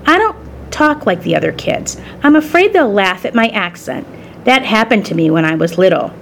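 A woman reading a storybook and voicing a shy young schoolgirl who talks in a hushed, half-whispered way. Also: mid-range voice, big pitch swings, moderate pace, vocal fry, slight background noise. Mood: earnest. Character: shy young schoolgirl, soft-spoken and earnest.

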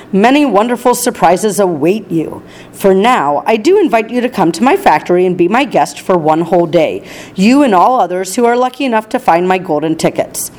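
A gentle, nervous father of a poor family speaks slowly and carefully, as a woman reader puts him on. His tone stays soft and measured in a storybook reading. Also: high-pitched.

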